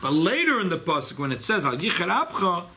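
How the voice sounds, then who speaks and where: A man teaching a Torah class to a small gathering, animated and emphatic, sprinkling in Hebrew and Yiddish terms. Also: sits high, quick pace, slight background noise. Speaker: rabbi leading a study gathering.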